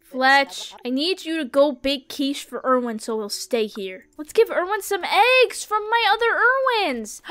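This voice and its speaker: A young adult woman giving casual gameplay commentary, excitable, pleading with and cursing at the game as she plays. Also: sits high. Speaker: gaming YouTuber.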